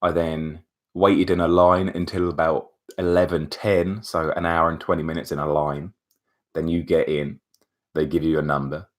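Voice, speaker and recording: A young man with a deep, low-set voice vlogs straight to camera. He retells his day in a chatty, animated way, with plenty of asides along the way. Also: normal speed. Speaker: vlogger. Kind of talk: casual storytelling to camera.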